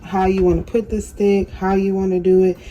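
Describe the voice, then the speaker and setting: A woman's voice: mid-range voice, flat delivery, moderate pace, dark tone, highs cut off. A woman hosting a casual craft how-to, chatty and self-deprecating, often apologizing. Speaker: craft tutorial host.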